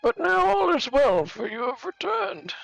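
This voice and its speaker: A man's voice: extremely high pitch, sing-song, measured pace, gravelly, a bit bright, dry recording, faint music behind, exaggerated voice, rough recording. A man voicing a guilt-ridden old male manor keeper in a formal, quavering, mournful way during a game stream.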